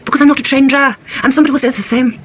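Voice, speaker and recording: A woman's voice: steady tone, racing, lightly acted. A woman doing a rambling eccentric with a drifting accent. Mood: muddled. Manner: rambling, muddled, high-pitched quoting. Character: rambling eccentric adult with a wandering fake accent.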